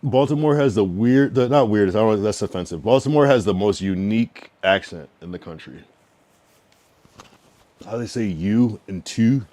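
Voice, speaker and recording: A man from New England talks with his livestream chat in a deep, low voice. He reads the viewers' messages aloud and gives blunt, slangy feedback. He rambles casually, full of fillers and asides. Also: lively intonation, darkish tone, dry recording. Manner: frank, loose, reads chat messages aloud and answers them; drawn-out slang-filled musing with many fillers.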